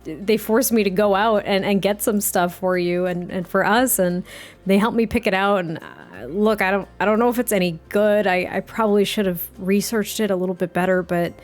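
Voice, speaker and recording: A woman voicing a nervous young husband and father-to-be in a life-sim game, stammering and halting. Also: medium pitch, soft background music, close to an everyday voice.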